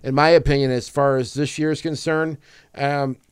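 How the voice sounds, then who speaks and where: A man's voice: mid-range voice, fairly even intonation, normal speed, smooth, dry recording. Guy co-hosting a movie podcast, rambles and grumbles jokingly, dry sound. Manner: rambling, restarts and jokey grumbling. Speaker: podcast co-host. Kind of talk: casual movie chat.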